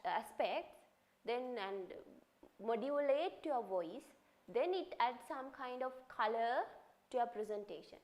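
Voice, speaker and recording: Higher-voiced woman lecturing students. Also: a little mellow. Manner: instructive, often ends points with a checking "right?"; repeats and restarts phrases while explaining. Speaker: university English lecturer. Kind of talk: classroom lecture on presentation skills.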